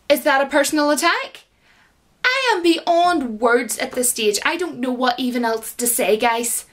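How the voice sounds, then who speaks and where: A woman's voice: high voice, animated, normal speed, a bit bright. A woman, ranting in an exasperated, sarcastic way on her vlog. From Ireland. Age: 30s. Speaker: YouTuber.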